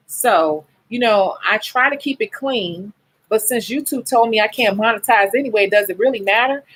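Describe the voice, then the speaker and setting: A woman's voice: medium pitch, moderate pace, fairly bright tone, breathy edge, rough recording. A tired, sleep-deprived woman who works as a nail technician talks bluntly and emotionally to her viewers in a candid livestream chat. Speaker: nail technician and beauty YouTuber.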